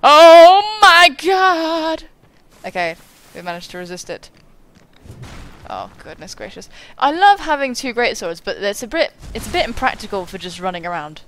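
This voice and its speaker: A woman hosting a let's play, giving casual gameplay commentary, giggly and excitable with sudden exclamations. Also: medium pitch, fairly quick.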